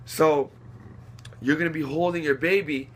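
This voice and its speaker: A man's voice: a little high, fairly even intonation, moderate pace. A young man giving earnest fatherly advice in casual talk to camera, repeating himself and restarting often. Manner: earnest, repetitive, many restarts.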